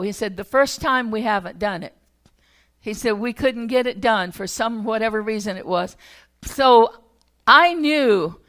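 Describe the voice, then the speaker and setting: A woman's voice: high voice, fairly bright tone. An older woman preaching a sermon, telling a personal story in a conversational, self-correcting way.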